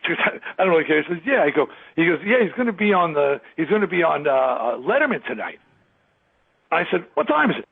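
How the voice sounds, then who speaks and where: Gravelly, husky man in his 60s on a phone line. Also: a little high, fast talker, no room sound. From Long Island, New York. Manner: animated storyteller who acts out other people's lines and laughs often. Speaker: guest, rock musician. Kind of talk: storytelling interview. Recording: dry, tinny phone line.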